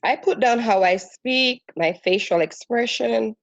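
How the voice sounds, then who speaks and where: A woman in her forties with a Jamaican accent, sharing her experience in a workshop, telling it in an animated way and acting out what other people say. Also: a little high, a little slow, no room sound, muffled recording. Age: 40s. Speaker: workshop participant. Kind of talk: casual sharing.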